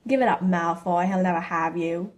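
A woman's voice: fairly low pitch, moderate pace, voice pushed down, lightly acted. A woman voicing a scheming, cheeky teenage boy wizard in a storybook reading, with a brash, teasing manner. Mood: sneering.

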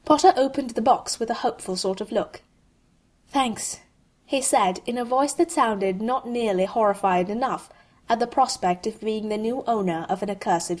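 A woman reading a humorous fan fiction story aloud in an expressive, wry way. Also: mid-range voice. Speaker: narrator.

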